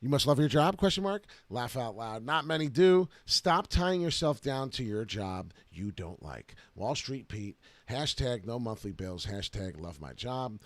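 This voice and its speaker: Male crypto streamer, excitable, filler-heavy, dry close-mic sound, middle pitch. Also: measured pace, hardly any pauses, dry recording. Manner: excited, rambling, many filler "uh"s. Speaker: crypto video host. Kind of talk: casual live-stream market commentary.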